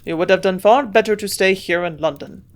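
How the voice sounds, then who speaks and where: A woman voicing a gruff old male German scientist with a strong German accent, grunting out his lines louder than her narration. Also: mid-range voice, brisk, lightly acted. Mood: insistent.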